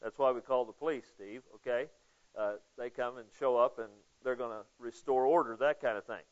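A pastor with a medium-pitched voice talks briskly through a casual, conversational Bible study sermon, putting questions to listeners by name. The sound is dull and lo-fi.

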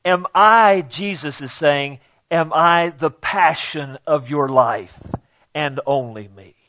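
A high-pitched man preaching a conversational sermon, tagging his points with "okay?" and pushing up for emphasis on the big questions. The recording is dull and lo-fi. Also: takes it slowly, sharp tone. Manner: rises emphatically on key questions, drops low on asides. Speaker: pastor.

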